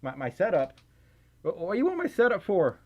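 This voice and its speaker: A breathless, giggly streamer chats through donations in a lively voice that swoops up and down, tripping over words and apologizing. The sound is dull and lo-fi. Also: mid-range voice, fairly quick. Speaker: livestreamer. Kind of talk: casual livestream chat reading donations.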